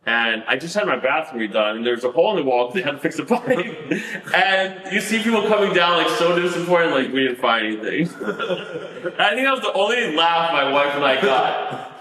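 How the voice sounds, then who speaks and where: Animated man telling a story, bright voice. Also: on the high side, fairly quick, echoey room, poor audio. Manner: animated, laughing storyteller with many "like" fillers. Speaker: podcast guest. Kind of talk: casual storytelling interview.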